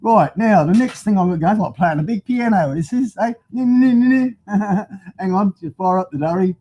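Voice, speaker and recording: A man's voice: high voice, measured pace, dark tone, muffled recording. Field: rambling Australian man streaming live. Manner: rambling, chatty, mildly swearing, laughs often. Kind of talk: casual live-stream chat. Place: home garage with motorbikes. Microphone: phone used as webcam.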